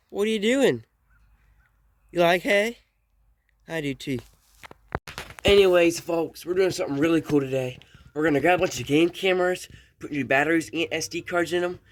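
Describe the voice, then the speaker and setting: A young man, chatting casually to camera as an outdoors vlogger, rambling and folksy, his voice still rough from a recent illness. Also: medium pitch, slight background noise. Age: young adult. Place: outdoors at a farm in winter.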